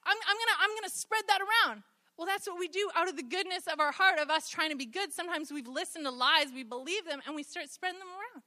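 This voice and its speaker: A woman's voice: sits high, fast talker, few pauses, pushed and bright. A woman preacher giving a conversational sermon, telling stories with humor. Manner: chatty, storytelling with humor.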